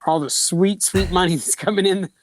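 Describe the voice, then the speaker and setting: Podcast cohost joking around, mid pitch, dry close sound. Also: steady tone, normal speed, no room sound. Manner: teasing, joking. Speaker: podcast co-host. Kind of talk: casual podcast chat.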